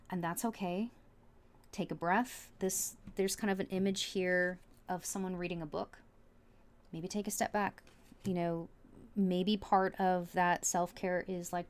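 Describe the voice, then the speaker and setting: Earnest chatty woman reading tarot. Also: mid-range voice. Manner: chatty, earnest, full of fillers and restarts; soft and heartfelt, at times emotional. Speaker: tarot reader. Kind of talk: casual tarot reading to camera.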